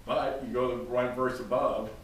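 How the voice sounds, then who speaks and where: A man's voice: mid-range voice, flat delivery, moderate pace. A man preaching a sermon, speaking emphatically and addressing his congregation directly by name. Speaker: pastor. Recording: very echoey room, distant mic, faint noise.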